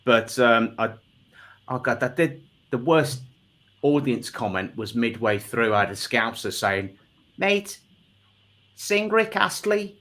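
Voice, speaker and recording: A man's voice: mid-range voice, steady tone, measured pace, a bit bright. A man hosting a comedy panel show, rambling and self-deprecating with lots of ums.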